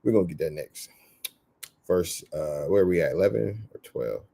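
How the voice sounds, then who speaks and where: A man teaches scripture in loose, slang-heavy street talk and acts out the voices of the people in the story. His voice is dark and gravelly with a husky edge. His pitch swings widely as he talks. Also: lively intonation, normal speed. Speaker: street preacher.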